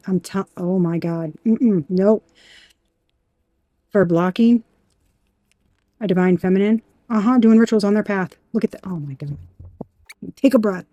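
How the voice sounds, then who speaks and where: A woman's voice: mid-range voice, measured pace, pauses often, no echo, lo-fi sound. Emphatic woman doing a tarot reading. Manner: emphatic, animated, swears, talks to the viewer. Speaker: tarot reader.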